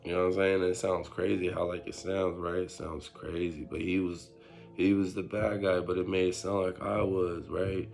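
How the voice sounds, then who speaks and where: A man's voice: low-pitched, moderate pace, vocal fry, faint music behind. A young man casually telling a story in street slang, acting out what others said. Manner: street slang, animated retelling with quoted voices.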